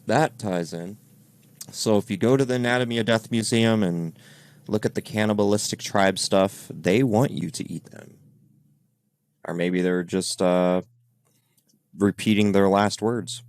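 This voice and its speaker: A man's voice: fairly low pitch, a little slow, darkish tone, no room sound, clean studio sound. A man who investigates the paranormal, chatting casually on a podcast about recordings his team captured. His talk is loose and rambling, full of fillers. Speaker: paranormal investigator reviewing evidence.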